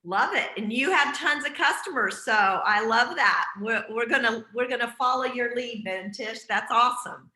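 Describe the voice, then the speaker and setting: A woman leads a team video call in casual group talk, sounding encouraging and using frequent fillers. Her voice is on the high side, pushed and bright, at normal speed with hardly any pauses, and the audio is poor with an echoey room.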